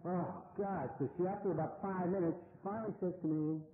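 A man's voice: high voice, steady tone, fairly quick, slight background noise. A middle-aged American man giving a blunt, wry personal testimony at a recovery meeting. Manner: wry, blunt storytelling with swearing. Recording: echoey hall on tinny phone-line audio.

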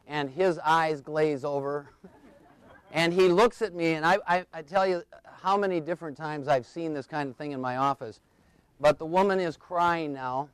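A man's voice: a little high, clean tone, no echo. A middle-aged man, a therapist, telling stories to an audience and acting out his clients. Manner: animated storytelling, acting out clients. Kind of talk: talk to an audience.

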